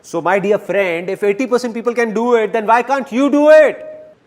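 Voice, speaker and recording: A man's voice: high-pitched, normal speed, a little mellow. A man from India giving a motivational seminar talk, earnest and often putting questions to the audience. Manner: earnest, asks the crowd questions. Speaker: motivational speaker.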